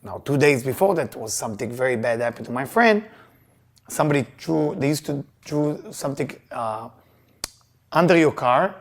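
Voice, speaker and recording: A man teaching Kabbalah to a live audience, telling personal stories in an emphatic, animated way with loose grammar. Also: mid-range voice, normal speed. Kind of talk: lesson with personal storytelling.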